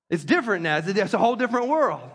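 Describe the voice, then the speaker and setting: A man preaching a sermon to a congregation in a lively, conversational way. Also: sits high. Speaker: pastor. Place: church sanctuary with congregation. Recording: long reverb of a large hall.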